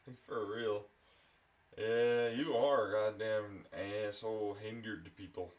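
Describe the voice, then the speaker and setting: A vlogger pulls an espresso shot while ranting to camera, profane, mocking, and sarcastic. His lowish voice has fairly even intonation and a slow pace. He is far from the mic in an echoey room.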